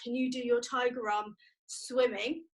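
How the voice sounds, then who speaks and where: A woman's voice: fairly high pitch, little pitch movement, measured pace. A young woman leading a cheerful, sing-song video lesson for preschool children, counting along with exercises. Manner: cheerful, sing-song, leads physical activities. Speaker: preschool educator.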